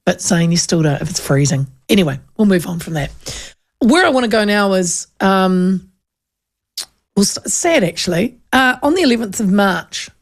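A middle-aged New Zealand woman hosting a radio show, chatting and spinning a story with frequent laughter. Her mid-range voice carries a gravelly, creaky edge. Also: medium pitch, animated, moderate pace. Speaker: radio host. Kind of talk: casual chat.

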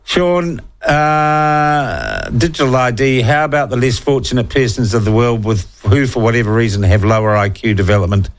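With a medium-pitched voice, lively intonation and a moderate pace, this Kiwi talkback radio host is blunt and irreverent. He chats about current issues and shares listener texts in a casual, opinionated manner.

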